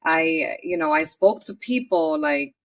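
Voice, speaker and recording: Earnest lowish-voiced woman, a bit off-mic. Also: animated, unhurried, distant mic. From New York City. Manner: earnest, chatty, often acts out her own past words. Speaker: podcast guest. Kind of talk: personal storytelling in an interview.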